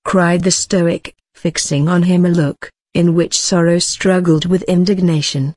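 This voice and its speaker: A woman narrating a classic novel as an audiobook reader, in a measured, even reading. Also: fairly low pitch, no room sound.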